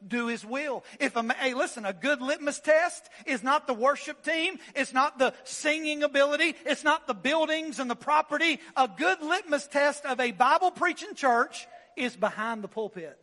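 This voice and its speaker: A pastor preaching with a strikingly high, bright and forceful voice. He hammers points by repeating them and restarts his words as he pushes on. His sermon rings with a long reverb through a church hall. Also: normal speed. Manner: emphatic preaching with repetitions and stammered restarts.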